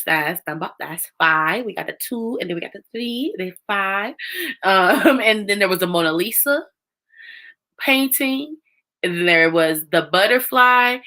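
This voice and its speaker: A woman recaps a show on a casual live stream, chatty and animated. Her voice sits slightly low yet sounds bright and forward. She speaks straight to her viewers in a loose, talkative way.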